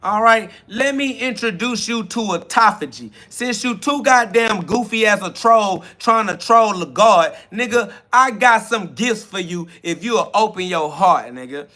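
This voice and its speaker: A man with a high, bright voice delivers a spiritual self-talk monologue as a podcast host. He talks bluntly and profanely, hitting back at critics. He drags out key words to hammer them home. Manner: emphatic, drawing out key words.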